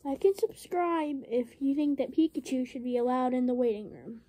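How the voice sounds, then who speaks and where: Very high-pitched, stammering woman narrator. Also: moderate pace, mellow. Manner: stammers, repeats syllables. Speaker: channel host. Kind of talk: playful narrated toy play.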